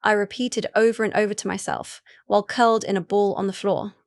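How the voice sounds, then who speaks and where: Woman, audiobook narrator, first-person romance story, mid pitch, even unhurried reading, dry close sound. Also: no room sound.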